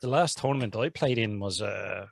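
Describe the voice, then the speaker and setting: A man's voice: fairly low pitch, moderate pace, creaky, dry recording, studio quality. A man with an Irish accent, a podcast co-host chatting casually, rambling and laughing often. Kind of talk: casual chat.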